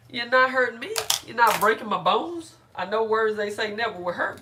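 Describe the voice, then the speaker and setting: A woman's voice: on the high side, expressive, moderate pace, hardly any pauses, sharp tone, a little hiss or hum. A middle-aged woman chatting casually on a live stream while doing her hair, laughing often and greeting viewers by name.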